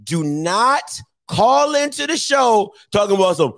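A man with a high, lively voice hosts a call-in sports show. He is emphatic and repeats his points, sometimes breaking into a shout. The sound is dry and close. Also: unhurried, no room sound. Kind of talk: animated call-in show banter.

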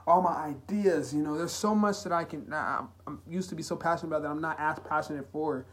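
Earnest young man on a confessional podcast. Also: a little high. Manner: earnest, halting, emotional, heartfelt. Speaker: podcast host. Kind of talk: solo confessional podcast talk.

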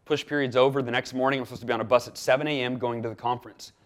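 A man guest on an interview show, telling a story in a lively way and acting out the quoted dialogue. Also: medium pitch, very fast. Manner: animated, acts out quoted dialogue with lively swings in loudness. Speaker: podcast guest.

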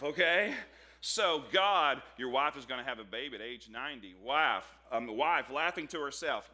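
A man delivers a sermon in a bright, ringing voice that sits slightly high for a man. He tells the scripture story like an animated, joking storyteller, acting out the conversations as he goes. His pitch rises and falls a lot, giving the preaching a lively, expressive feel. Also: normal speed. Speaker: pastor.

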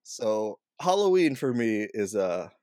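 A man's voice: fairly low pitch, sing-song, slow, a little mellow, no room sound, studio quality. A man telling a funny party story in casual chat, laughing and swearing as he goes.

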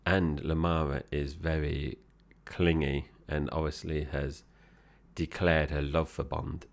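A man's voice: rumbling low, level tone, takes it slowly. A man co-hosting a podcast, chatting easily about a film and tossing questions to his co-host. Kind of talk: casual film chat.

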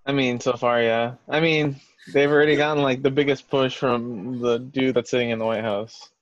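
A man's voice: medium pitch, steady tone, moderate pace, highs cut off. A man co-hosting a wrestling podcast, rambling through casual chat with lots of fillers and restarts. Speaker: podcast co-host.

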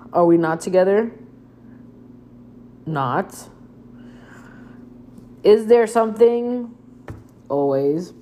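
A young woman chatting to her viewers as if to a close friend, relaxed and candid, with a casual curse here and there. She acts out her own past lines, jumping much higher in pitch when she quotes herself. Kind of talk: casual storytelling to camera.

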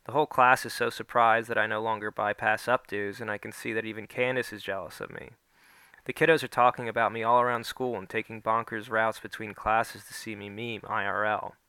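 A man's voice: steady tone, fairly quick, gravelly, sharp tone, clean tone, no echo. Man reading a first-person story. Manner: voices the characters with small pitch shifts. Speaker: narrator.

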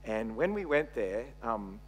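A middle-aged Australian man preaching a sermon, swinging between loud emphasis and quiet asides. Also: mid-range voice, big pitch swings, a little slow, slight background noise. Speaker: pastor. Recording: long reverb from a large hall.

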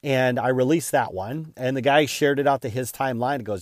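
A man hosting his own podcast, telling a casual, self-deprecating story with lively retelling and many restarts. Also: medium pitch, brisk, no echo, clean studio sound. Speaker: podcast host.

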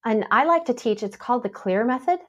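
A woman talks as a podcast guest, easy and conversational. She tells stories with lively swings, briefly voicing herself and others. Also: fairly high pitch, fairly quick, lo-fi sound. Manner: animated storytelling, acts out her own past lines. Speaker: podcast guest, happiness mentor. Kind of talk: casual podcast interview.

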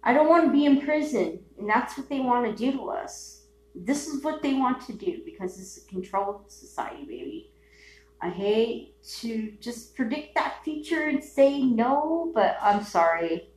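A woman hosting a solo podcast, ranting in a rambling, profane way, dropping to mutters and then bursting into shouts. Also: on the high side, lively intonation, a little slow. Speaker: podcast host. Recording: echoey room with faint hum.

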